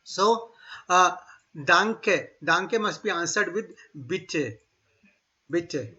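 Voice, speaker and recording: Man, high bright voice, slow deliberate teacher, dull lo-fi call audio. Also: expressive. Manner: slow, repeats words for students to echo. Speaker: German language teacher. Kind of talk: online class teaching. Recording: dull lo-fi online class audio.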